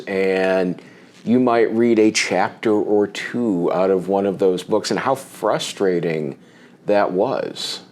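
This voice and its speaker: A man in his forties hosting a college talk show, talking slowly and reflectively with many restarts. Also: low-pitched, a little mellow. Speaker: host. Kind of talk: casual discussion.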